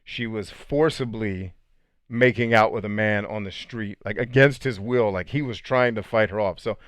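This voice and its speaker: A man's voice: on the low side, normal speed, a bit bright, no echo, studio quality. A man hosting a podcast and reading out live chat comments in a casual, slangy way, laughing often.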